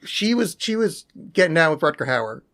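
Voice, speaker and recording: A man's voice: a little high, big pitch swings, moderate pace, a bit bright. Sarcastic, rambling male podcast co-host. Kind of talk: casual podcast chat.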